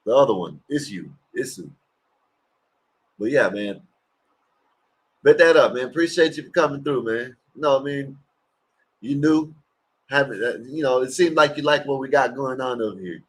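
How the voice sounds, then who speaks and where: A man's voice: medium pitch, normal speed, slight background noise. A man hosting a livestream, giving rambling, crude, mocking reactions to clips. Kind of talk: casual profane reaction commentary.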